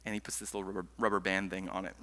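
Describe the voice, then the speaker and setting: A male pastor delivers a sermon in a bright, forceful voice. He tells stories animatedly, swinging from loud, eager bursts down to hushed asides, and his words ring out with a long reverb from a large church hall. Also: low-pitched, level tone, racing.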